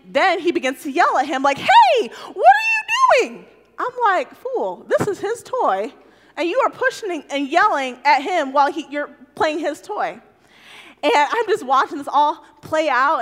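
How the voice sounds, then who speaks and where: Animated woman preaching in a reverberant hall. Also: on the high side. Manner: animated storytelling, acts out voices. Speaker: youth speaker. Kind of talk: sermon.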